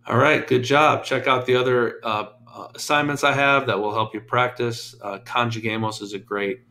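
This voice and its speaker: A man's voice: medium pitch, steady tone, normal speed, sharp tone. A man teaching a Spanish lesson, patiently calling out English prompts and then the answers. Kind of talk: slow deliberate classroom drill.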